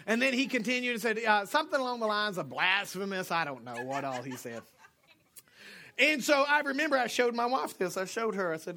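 A middle-aged man gives a sermon as pastor, a little fast and high-pitched. He banters with the congregation, his delivery shifting from quiet asides to loud shouts.

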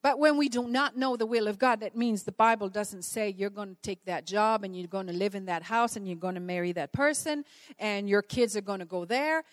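A woman's voice: medium pitch, brisk, no room sound. A woman born in the Netherlands preaching a sermon, telling stories earnestly and asking her listeners questions.

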